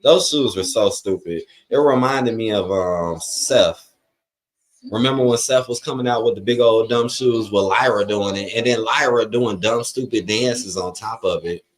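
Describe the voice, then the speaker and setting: Hosting a live watch-along stream, this man talks at a normal speed in a fairly low voice. His delivery is loose and rambling, full of fillers, as he reads out chat comments and gives blunt, profane takes.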